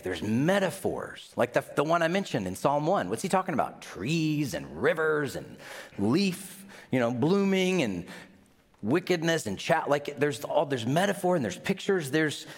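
A man with a Midwestern accent preaching a sermon as pastor, conversational, putting questions to the congregation and acting out little scenes in mock voices. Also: a little high.

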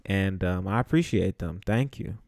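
A man's voice: deep voice, normal speed, creaky, a little mellow, no room sound, clean studio sound. A young man from the Bronx hosting his podcast, telling a story casually, swearing freely and laughing often as he talks. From the Bronx, New York. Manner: laughs often, profane and loose. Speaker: podcast host.

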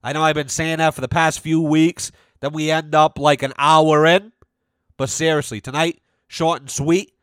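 A man's voice: on the high side, flat delivery, moderate pace, fairly bright tone, clean tone, no echo. An American man hosting a podcast alone, rambling in a loose, profane, jokey way and sounding tired. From United States. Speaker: podcast host. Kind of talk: casual solo podcast rant.

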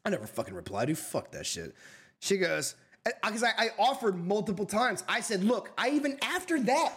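A man's voice: high voice, very animated, fairly quick, fairly bright tone, husky. A young man in casual podcast chat, telling a story as an exasperated rant with heavy swearing. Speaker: podcast co-host.

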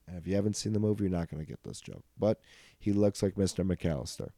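A man's voice: low voice, lively intonation, fast, vocal fry, mellow, no echo, clean studio sound. A young man hosting a comedy podcast, telling rambling, profane stories and laughing often. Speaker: podcast host. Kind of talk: casual comedic storytelling.

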